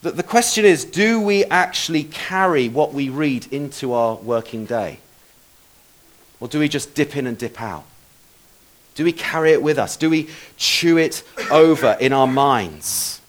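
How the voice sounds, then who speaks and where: A man's voice: medium pitch, a little slow. A man preaching a sermon in a conversational, self-deprecating way, with asides to the congregation.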